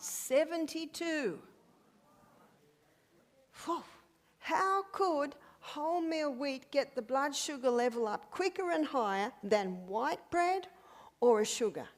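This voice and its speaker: An older woman giving a health lecture, asking emphatic rhetorical questions. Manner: emphatic, rhetorical questions, lively pitch swings.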